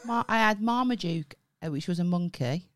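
A woman's voice: lowish voice, animated, normal speed. A woman with a Birmingham accent, co-hosting a casual comedy podcast, sweary and laughing a lot. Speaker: podcast co-host.

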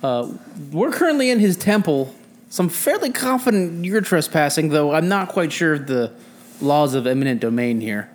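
A man's voice: on the high side, sing-song, normal speed. Dry, polite man at a tabletop game. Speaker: player. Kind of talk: tabletop role-play.

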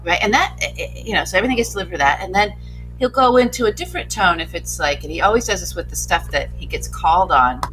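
A woman panel guest giving animated political commentary, vivid and given to laughter. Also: lowish voice, quick pace, over music, low-quality recording.

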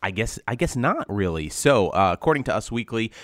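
A man co-hosting a gossip show, rambling casually with lots of halting restarts. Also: fairly low pitch, very animated, no room sound, studio quality. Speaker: co-host. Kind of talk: casual chat.

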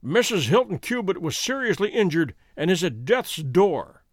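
A man voicing a brash, grieving American outlaw who talks loud and defiant, with an American accent. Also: high voice, sing-song, normal speed, dry recording, clean studio sound. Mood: fierce.

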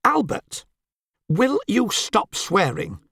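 A man's voice: a little high, sing-song, moderate pace, gravelly, husky, no room sound, clean studio sound, heavily acted. A man voicing a bossy, fussy middle-aged wife who scolds in a prim, censorious way. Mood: scolding.

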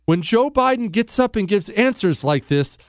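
A man's voice: high voice, animated, moderate pace, dry recording, studio quality. A man hosting a political talk radio show, sarcastic and mocking, often laughing at his own remarks. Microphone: studio microphone.

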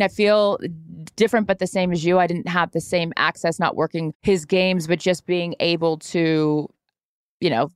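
A woman's voice: fairly low pitch, clean tone, dry recording, clean studio sound. A woman in her thirties co-hosting a podcast, rambling chattily about sports with many fillers. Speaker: podcast co-host. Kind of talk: casual chat.

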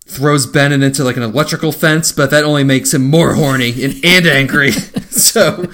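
A man's voice: mid-range voice, moderate pace, a bit bright. A man hosting a casual chat, retelling a film with frequent laughs. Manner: laughing, rambling recap. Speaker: podcast host.

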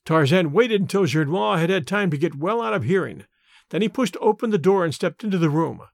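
Audiobook narrator: a man, measured delivery, dry close recording. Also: high voice, animated, creaky, no echo. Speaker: audiobook reader. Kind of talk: scripted narration.

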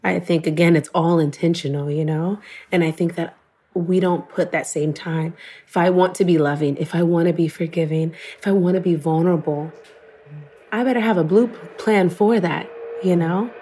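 A woman's voice: on the low side, fairly even intonation, moderate pace, dark tone, slightly rough. A woman telling an emotional personal story in an earnest, conversational way, full of "like" and quoting her own thoughts. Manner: earnest, emotional, fillers of "like", quotes herself.

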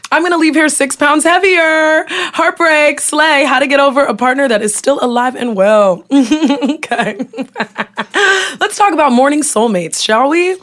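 A woman's voice: sits high, a little slow, a bit bright. Candid, laughing young woman podcast host. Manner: candid, profane, laughs a lot. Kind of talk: casual chat. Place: studio.

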